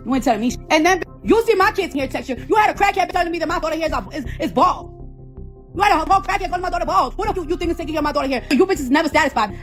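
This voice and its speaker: A woman tears into her critics in a rapid, high-pitched rant. She swears freely and circles back to the same phrases again and again, confrontational from start to finish. A faint bed of music runs underneath. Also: a bit bright. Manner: profane, confrontational, repeats phrases over and over. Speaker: founder of a hair product. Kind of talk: heated off-the-cuff rant.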